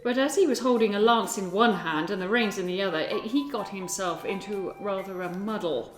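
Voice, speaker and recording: A woman reading a children's storybook aloud in a slow, expressive, deliberate manner. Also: mid-range voice. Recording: echoey room with music behind.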